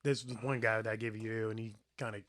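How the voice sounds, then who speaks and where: A man's voice: lowish voice, flat delivery, fairly quick, fairly bright tone. A man, a yo-yo performer and rapper, chatting casually on a podcast in a rambling, storytelling way full of "like". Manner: rambling storyteller, heavy use of "like".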